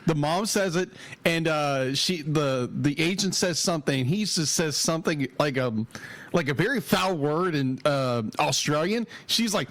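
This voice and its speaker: A man's voice: a little high, lively intonation, moderate pace, fairly bright tone. A man co-hosting a podcast, recounting a movie in a rambling, enthusiastic way with frequent restarts. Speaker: podcast co-host. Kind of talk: casual chat.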